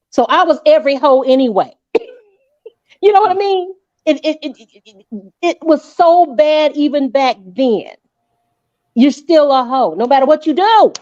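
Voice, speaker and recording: A woman panel guest telling a lively anecdote in casual chat. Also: high-pitched, measured pace, no room sound. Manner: lively, laughing storyteller. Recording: dull dry lo-fi sound.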